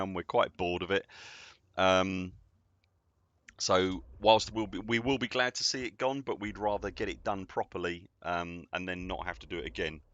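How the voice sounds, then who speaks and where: A man's voice: fairly low pitch, a bit bright, dry recording. A man, streaming a game and chatting casually with viewers, rambling and greeting people by name. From United Kingdom. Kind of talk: casual live-stream chatter while gaming. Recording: dull, dry lo-fi sound.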